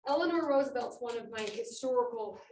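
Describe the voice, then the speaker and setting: A woman giving an inspirational talk at a conference, animated and acting out quotes, in a meeting room with about twenty people. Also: on the high side, a little fast. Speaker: conference speaker. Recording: echoey room, mic far off, faint noise.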